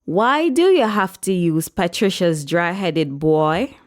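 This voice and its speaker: A woman's voice: lively intonation, takes it slowly. A woman reading aloud voices a brash, indignant woman who puts on fake American airs slipping through. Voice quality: shrill, sassy.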